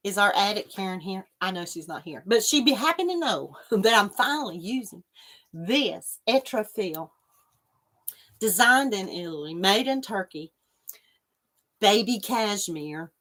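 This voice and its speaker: A woman hosts a relaxed livestream and chats with viewers as she goes. She rambles easily from one thought to the next and stops to answer comments as they come in. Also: medium pitch, a little slow. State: coughing after choking on water. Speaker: livestream host. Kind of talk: casual chat with live viewers.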